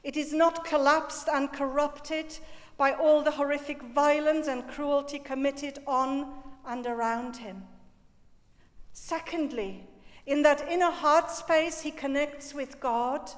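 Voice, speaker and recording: A woman preaching a sermon in a slow, measured, reflective way, lingering on key words. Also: high voice, fairly even intonation. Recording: reverberant church hall.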